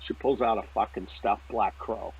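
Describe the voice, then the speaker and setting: A man, telling a story as a psychic medium in lively casual talk, swearing now and then and checking in with "right?". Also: fairly low pitch, normal speed, slightly rough. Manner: animated, swears casually, laughs often, repeats "right?" and "okay?". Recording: tinny phone-like line.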